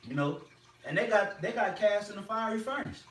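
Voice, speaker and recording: A man's voice: high voice, expressive, brisk, fairly bright tone. Emphatic preaching man, roomy distant sound. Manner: emphatic, repetitive, uses slang. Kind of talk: preaching group discussion. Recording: roomy and distant with faint noise.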